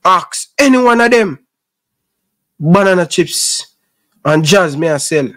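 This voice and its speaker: A man's voice: high voice, lively intonation, slow pace, fairly bright tone. A middle-aged man from Jamaica with a Jamaican accent, hosting his own sports channel and talking straight to his viewers in an impassioned, preachy Patois. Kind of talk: casual rant to camera.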